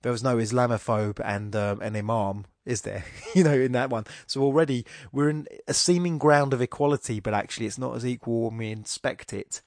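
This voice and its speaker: A man's voice: medium pitch, brisk, hardly any pauses, a little mellow, dry recording, clean studio sound. A middle-aged man hosting a podcast, talking casually in a rambling, self-interrupting way with wry asides. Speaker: podcast host. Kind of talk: casual monologue.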